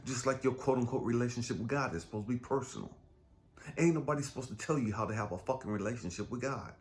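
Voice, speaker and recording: A man's voice: medium pitch, quick pace, a little mellow. A man hosting his own channel, delivering an angry, heavily profane, emphatic rant in a personal monologue. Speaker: channel host.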